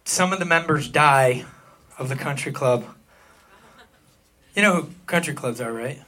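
A man's voice: medium pitch, a little slow, pauses often. A man in a casual interview, telling a loose, profane, joking story in archival footage. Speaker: band member. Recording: archival footage with loud music behind.

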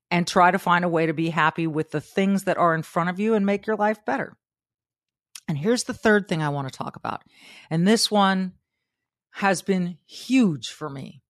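Lively woman podcast host, low voice. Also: no room sound, studio quality. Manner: animated, acts out quotes, laughs often. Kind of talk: motivational monologue.

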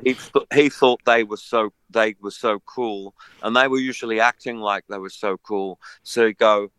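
Low smooth-voiced Australian man, older. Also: normal speed, no room sound. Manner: rambling, animated anecdotes with mocking put-on voices. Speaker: interview guest, musician. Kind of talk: casual storytelling interview.

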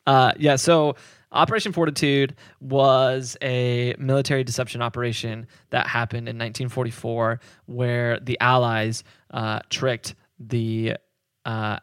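A man's voice: mid-range voice, gravelly, a bit bright, no room sound, studio quality. A man hosting a podcast, telling a history story in casual chat, rambling with many fillers and frequent laughs.

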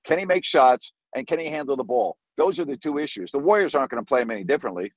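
A man's voice: medium pitch, very animated, fast talker, no room sound. A male sports radio host talks to callers and hammers home his points with emphatic repetition. His voice comes through a dry studio sound. The sound is dull and lo-fi. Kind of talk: sports call-in talk.

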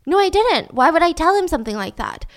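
A woman's voice: very high-pitched, very animated, fast talker, voice pushed up. A woman voicing a young woman under police questioning, protesting in a flustered, defensive way.

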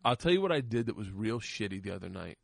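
A man's voice: lowish voice, big pitch swings, quick pace, creaky, no room sound, studio quality. A middle-aged man telling a story on a podcast in casual, profane talk, laughing often and acting out what people said. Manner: profane, laughing storyteller who acts out quotes. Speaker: podcast host.

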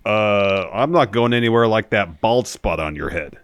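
A man co-hosting a casual show, retelling events in a relaxed way with quick asides. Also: fairly low pitch, clear, resonant tone, no room sound. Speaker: podcast co-host. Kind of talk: casual recap of a wrestling show.

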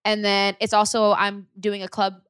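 A woman's voice: medium pitch, monotone, normal speed, fairly bright tone, clear, resonant tone, no echo. Bubbly young woman podcast guest. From California. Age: 20s. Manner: bubbly, laughs often, chatty. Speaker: guest, singer. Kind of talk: casual podcast chat.

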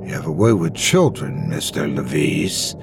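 A man's voice: very deep voice, expressive, measured pace, gravelly, music in the background, voice pushed down, exaggerated voice. A man voicing a stern, frail old man in a wheelchair who is short of breath.

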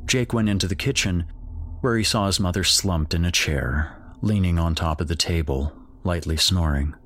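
A man with a very deep, low voice narrates a dark horror story. His delivery is measured and grave, shaped as scripted storytelling.

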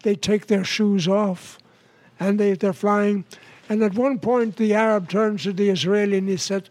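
Slow-talking joke-telling old man. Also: high-pitched, no room sound. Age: 90s. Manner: relaxed storyteller, laughs at his own punchlines. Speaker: interview guest, comedian. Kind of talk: telling jokes in an interview. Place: his home.

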